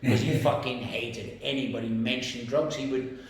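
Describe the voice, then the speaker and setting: A man's voice: mid-range voice, moderate pace. A middle-aged man telling profane stories in casual talk, acting out other people's lines with sudden swings in his voice. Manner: animated, acts out others' lines with big swings in voice. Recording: very roomy echo, faint background noise.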